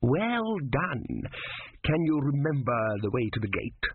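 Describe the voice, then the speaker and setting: A man reading as Vorbis, a calm sinister deacon. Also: medium pitch, husky, voice pushed up. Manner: pleasant, unhurried, quietly commanding. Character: calm menacing male deacon, soft-spoken. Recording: dry, phone-like narrow sound.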